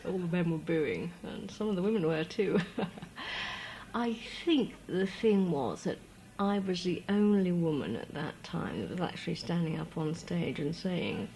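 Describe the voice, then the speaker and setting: An actress playing a self-important comedian who reminisces boastfully with hesitant fillers. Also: female voice, lowish voice, animated, unhurried, creaky, darkish tone, a little hiss or hum. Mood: self-satisfied. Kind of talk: mock documentary interview.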